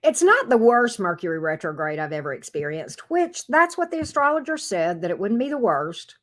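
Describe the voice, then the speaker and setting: A woman in middle age hosts a relaxed livestream from her home office. She chats easily with viewers and answers their comments one by one. Her pitch swings up and down a lot as she talks. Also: normal speed. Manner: chatty, reads out and answers viewer comments, coos at her dog. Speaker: tarot reader and livestream host. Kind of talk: casual livestream chat with viewers.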